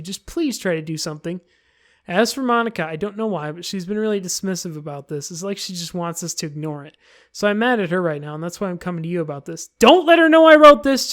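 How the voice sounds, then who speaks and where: A woman's voice: on the low side, lightly acted. A woman voicing a small, bratty teenage girl from a game, worried and pleading in a letter, snappy in arguments. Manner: snappy, defensive.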